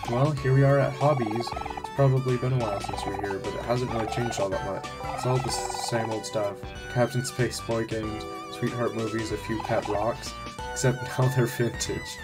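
A man's voice: mid-range voice, steady tone, normal speed, over loud music, lightly acted. Cal, an upbeat chatty teen boy, as a man reads him. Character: energetic outgoing teen boy. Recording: loud background noise.

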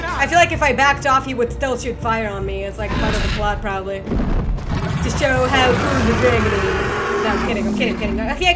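A young woman commentating a video game she is playing, excitable, swearing freely and shouting at the screen. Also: fairly high pitch, moderate pace, a loud crowd. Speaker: gaming video host. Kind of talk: let's play commentary. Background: game music and sound.

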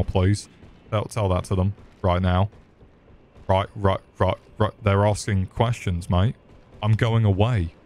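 A man's voice: on the low side, darkish tone, slight background noise. Crude, joking man streaming a game. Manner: crude, joking, swears a lot and talks to the game's monsters. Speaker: gaming streamer. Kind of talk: casual gameplay commentary.

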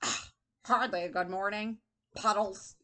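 A woman's voice: mid-range voice, steady tone, a little slow, sharp tone. A woman voicing a grumpy, gloomy old man who hates the rain in a storybook read-aloud, grumbling sour complaints.

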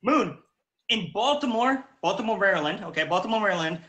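A man hosting a live-stream trivia game, upbeat and reading the answer options out slowly as a list. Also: high voice, animated, sharp tone, reverberant. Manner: upbeat, repeats questions slowly, reads options as lists. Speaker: game show host.

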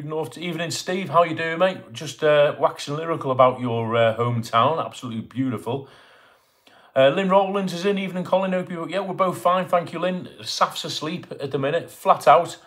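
A middle-aged man hosting a casual live stream from home, chatting and greeting viewers by name as he reads their comments. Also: medium pitch. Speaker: livestream host. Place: home in Bournemouth.

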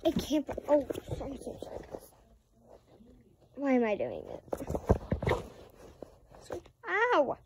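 A woman's voice: sits high, huge pitch swings, slow, pauses often, noisy background. A preteen girl, rambling through a casual vlog with many apologetic asides. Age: around 11 or 12. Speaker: vlogger.

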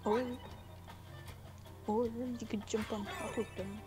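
A woman's voice: on the high side, steady tone, slow, music in the background. A woman co-op gaming with a friend, teasing her, giggling often and giving short tips. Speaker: co-op gaming partner. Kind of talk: casual co-op gameplay chat.

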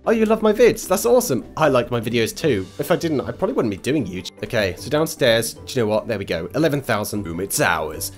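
A young man chatters through his gameplay with a very lively, bouncing pitch. He gets excited easily and turns to his viewers to talk to them directly. Faint music plays underneath his voice. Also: fast, hardly any pauses. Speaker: YouTuber. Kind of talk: gameplay commentary.

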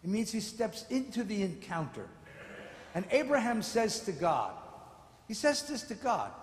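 A man giving a sermon-style lecture as a rabbi, telling stories and rising from quiet asides to shouted rebukes. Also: high-pitched, very animated, unhurried. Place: synagogue sanctuary. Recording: echoey hall with long reverb.

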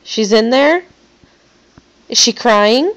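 A woman's voice: a little high, slow, a bit bright. A woman talking playfully to a toddler in a coaxing, sing-song way, recorded on a phone. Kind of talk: home video chat with a small child.

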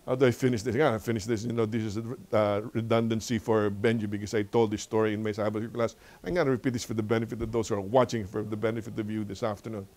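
An older man with a Filipino accent leading a church Bible lesson, telling stories with lively, preacherly repetition. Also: fairly low pitch, quick pace, hardly any pauses. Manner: animated storytelling, laughs often. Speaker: Bible study teacher.

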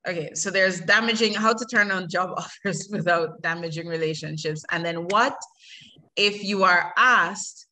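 A woman's voice: fairly low pitch, normal speed, bright, forceful tone. A woman moderating a virtual panel, reading out audience questions and restating them hesitantly with many fillers.

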